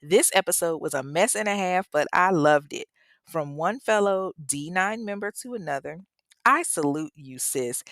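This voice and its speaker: A woman's voice: on the low side, animated, moderate pace, fairly bright tone, no echo, clean studio sound. A young woman hosting her podcast, reading listener reviews in a chatty, slangy way with laughing asides. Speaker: podcast host.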